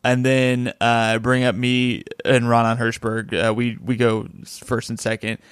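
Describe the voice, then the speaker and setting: A man's voice: medium pitch, completely flat delivery, unhurried, clear, resonant tone, no echo, studio quality. A man who is a stand-up comedian, telling a rambling anecdote in casual podcast chat and acting out what people said.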